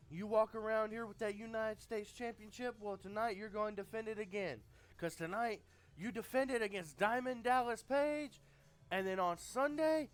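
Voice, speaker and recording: A man voicing a blustering male wrestling company boss who bellows bossy, drawn-out taunts. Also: high voice, fairly bright tone, pitched above the performer's own voice.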